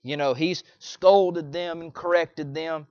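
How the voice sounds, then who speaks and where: Man preaching a sermon in lively bursts. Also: fairly high pitch, slow, no echo, muffled recording. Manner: conversational preaching with many restarts, swinging from quiet to loud. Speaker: pastor.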